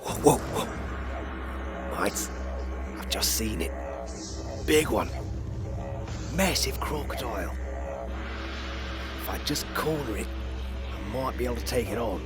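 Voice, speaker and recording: A man's voice: medium pitch, animated, slow pace, pauses often. A man voicing a brash male Australian adventurer with a put-on Australian accent, talking over the top with lots of exclamations. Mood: tense. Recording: loud music under voice.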